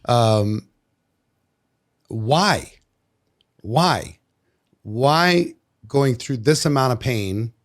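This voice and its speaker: A man's voice: medium pitch, animated, drawn-out words, long pauses. A middle-aged man hosting an interview, asking probing questions and restarting his sentences as he thinks. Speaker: podcast host. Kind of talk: interview conversation.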